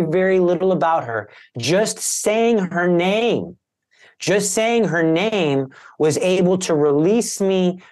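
A young man, a Catholic evangelist appearing as a guest, earnestly telling the emotional story of his conversion. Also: a little high. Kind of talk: personal conversion testimony.

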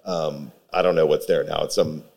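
A man's voice: a bass voice, fairly even intonation, moderate pace, creaky, a little mellow. A man, a pitmaster guest, chatting casually in an interview with a rambling, filler-heavy delivery. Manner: rambling, many fillers and restarts.

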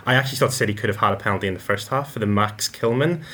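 A man's voice: fairly low pitch, rapid-fire, pushed and bright. A man analysing football matches on a podcast, often stumbling and repeating his words. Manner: hesitant, many repeated words. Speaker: football pundit.

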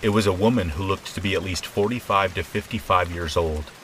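A man with a very deep voice reads a scary story aloud, calm and measured. Soft rain patters faintly behind him. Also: a little hiss or hum, low-quality recording. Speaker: horror story narrator. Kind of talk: scripted narration.

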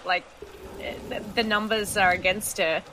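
A woman's voice: medium pitch, steady tone, moderate pace, bright, forceful tone, a little hiss or hum. A woman playing in a tabletop game, chatting casually and giggling. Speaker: player. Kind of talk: casual chat.

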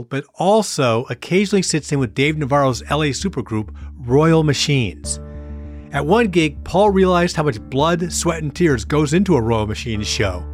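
A male host reading scripted narration with a dry, punchy delivery. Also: a little high.

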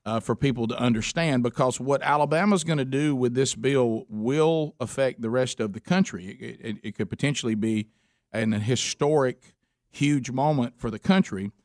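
A man's voice: mid-range voice, moderate pace, dry recording, studio quality. A man hosting a talk radio show, speaking earnestly with many restarts. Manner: earnest, rambling. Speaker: radio host. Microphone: studio mic.

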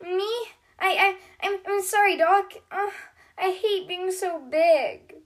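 A woman voicing an excitable, eager young male dinosaur toy in a children's storybook reading. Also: very high-pitched, a little slow, pitched above the performer's own voice. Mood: sheepish. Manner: eager, pleading, stammering. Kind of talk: storybook read-aloud for kids.

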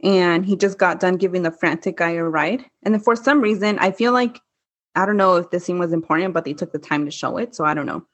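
Woman, casual chat, low-pitched voice, swears freely, acts out lines. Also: fairly quick. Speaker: podcast co-host recapping a telenovela.

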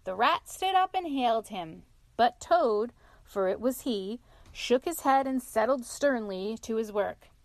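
A woman narrates a classic animal tale in a gentle, measured manner. Her voice sits fairly high. The recording is dry, close and free of room sound. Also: animated, dry recording. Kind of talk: storybook reading.

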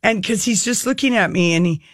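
Woman co-host from Minnesota, mid-pitched, lively storyteller, dry studio mic. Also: fairly quick, no echo. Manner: animated storyteller who acts out the other people. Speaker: podcast co-host. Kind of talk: casual storytelling chat.

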